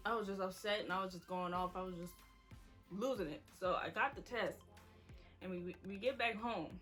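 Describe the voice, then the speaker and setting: A woman's voice: mid-range voice, brisk, sharp tone, faint music behind. A woman in her twenties, a vlogger, candidly telling her story to viewers in a chatty way. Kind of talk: emotional story time to viewers.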